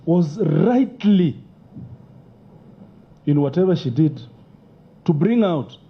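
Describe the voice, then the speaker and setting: A man's voice: on the high side, animated, slow pace, creaky, phone-quality sound. A Kenyan man and member of parliament testifying at a committee hearing, arguing insistently and emotionally, often cutting in. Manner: interrupts, argues insistently, emotional. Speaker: member of parliament moving an impeachment.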